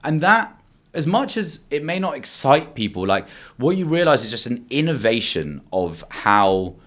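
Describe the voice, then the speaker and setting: A man's voice: medium pitch, big pitch swings, moderate pace, a bit bright. Rambling, enthusiastic young man. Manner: enthusiastic, rambling, many fillers. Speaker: podcast guest. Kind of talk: casual chat.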